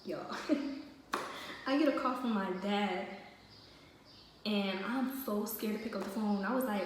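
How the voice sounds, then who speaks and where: A woman's voice: medium pitch, moderate pace, pauses often. A woman telling a personal story in a casual storytime vlog. She talks in a chatty way with many fillers. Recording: very echoey room, distant mic, faint noise.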